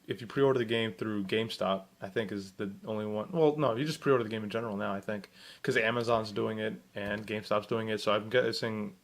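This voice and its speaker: A man's voice: on the low side, steady tone, a little fast. A young man hosting a casual video game news vlog, chatty and rambling, often correcting himself and asking viewers questions. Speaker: gaming vlogger.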